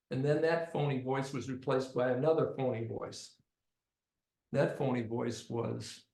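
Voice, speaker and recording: A man's voice: medium pitch, fairly even intonation, unhurried, gravelly, darkish tone, roomy sound, rough recording. A man from Detroit telling a dramatic personal story, acting out the other people's voices.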